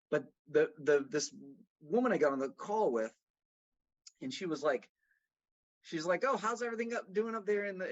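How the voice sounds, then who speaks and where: A husky, mid-range male voice belongs to a consultant from Boston, appearing as a guest on a casual podcast, with a slight Boston accent that's mostly neutral American. He rambles through stories with frequent restarts, and the audio is dull and lo-fi.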